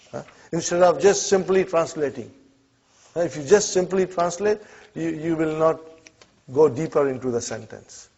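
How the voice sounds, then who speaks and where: Patient Arabic teacher, dull lo-fi recording. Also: male voice, a little high, darkish tone. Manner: drills with repeated "huh?" and "okay?" checks; patient, encouraging, slows down for students. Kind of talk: classroom lesson.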